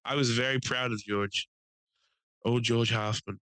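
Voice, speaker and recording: A man's voice: mid-range voice, fairly even intonation, unhurried, fairly bright tone, clean tone, no room sound, rough recording. A young American man telling a rambling story in casual chat, swearing and laughing often, slipping into voices. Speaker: podcast host.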